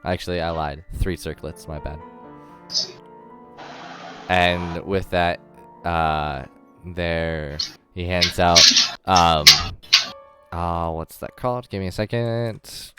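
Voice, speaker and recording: A man's voice: low voice, fairly even intonation, slow, pauses often, a bit bright, soft background music. A man running a tabletop game as dungeon master, rambling with lots of ums and self-corrections.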